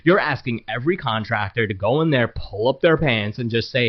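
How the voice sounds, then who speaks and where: A man talks casually to camera as a property manager, at an ordinary mid pitch. He is blunt and rambling, filling his speech with "you know" and false starts. The audio is a little muffled and lo-fi. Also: animated, a little fast, few pauses. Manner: frank, rambling, many fillers and restarts. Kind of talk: casual business talk to camera.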